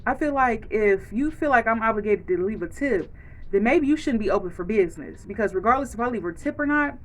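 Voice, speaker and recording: A woman's voice: a little high, animated, a little fast. A woman ranting frankly to camera in a casual vlog, acting out quoted lines as she goes. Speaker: vlogger.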